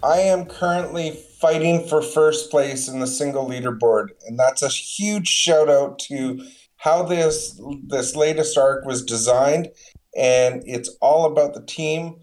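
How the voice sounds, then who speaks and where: A man's voice: fairly high pitch, a little slow, a little mellow, soft background music. A man appearing as a guest on a casual podcast, answering upbeat and brief. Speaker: guest player.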